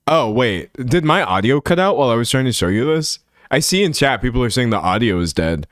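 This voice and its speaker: A man's voice: mid-range voice, very animated, fairly quick, fairly bright tone, no room sound. A man chats loosely with his stream audience, breaking into laughter between thoughts and circling back on himself. His voice sits in an ordinary middle register. The sound is close and dry on a streaming mic, with no room around it. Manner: laughs often, rambling with restarts. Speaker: livestream host. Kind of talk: casual livestream rant. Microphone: streaming microphone.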